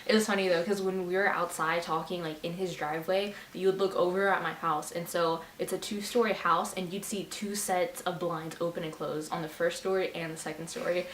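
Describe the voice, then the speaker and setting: A woman in her twenties chatting casually on a storytime video, playful and quick to laugh. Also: lowish voice, steady tone. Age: 20s. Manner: chatty and giggly, playful teasing. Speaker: vlogger. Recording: roomy sound, distant mic, faint hiss.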